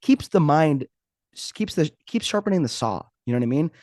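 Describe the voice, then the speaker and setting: A man's voice: a little high, lively intonation, a little fast, a little mellow, no room sound. Joking, rambling male podcast host, dry sound. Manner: joking, rambling, self-mocking. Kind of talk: casual podcast intro monologue.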